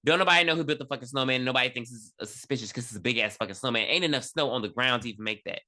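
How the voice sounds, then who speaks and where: A man's voice: medium pitch, racing, sharp tone. A man co-hosting a podcast, recapping a movie plot with sarcastic, profane commentary. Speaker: podcast co-host. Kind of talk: casual movie review chat.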